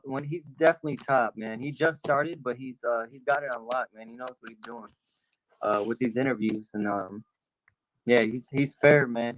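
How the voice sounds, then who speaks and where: Male guest with a mid-pitched voice, relaxed and casual; hypes up the host. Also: low-quality recording. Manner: laid-back, repeats "man". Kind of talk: casual chat.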